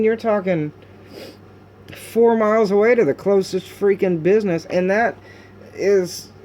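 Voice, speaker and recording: A man recording a confessional video diary at home, talking in halting, raw bursts with many restarts and fillers, frustrated and sometimes cursing. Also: high-pitched, a little mellow, a little hiss or hum. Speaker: video diarist.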